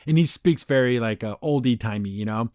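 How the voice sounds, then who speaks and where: A man's voice: medium pitch, brisk, darkish tone, no echo, clean studio sound. A man hosting a podcast, recapping a cartoon episode in a rambling, casual way with many fillers and restarts. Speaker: podcast host.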